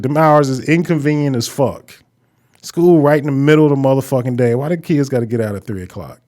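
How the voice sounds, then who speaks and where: A man's voice: medium pitch, a little fast, a little mellow. A man co-hosting a podcast in casual chat, laid-back and profane as he reads out and defends opinions. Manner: laid-back, profane, reading tweets aloud. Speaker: podcast co-host.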